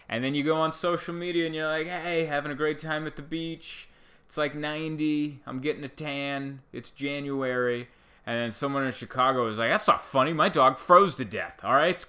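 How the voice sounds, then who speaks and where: A man's voice: mid-range voice, fairly bright tone. A man from Southern California hosting his own weekly show from his living room, rambling through sarcastic, self-mocking jokes. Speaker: podcast host. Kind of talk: casual solo monologue. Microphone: microphone into a laptop.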